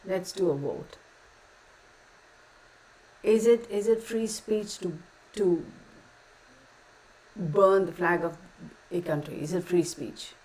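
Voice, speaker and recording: Woman, tarot reader, blunt and cussing, lower voice, mellow tone. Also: slow pace, pauses often, poor audio. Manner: blunt, profane, heated. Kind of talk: casual tarot reading with opinion rant.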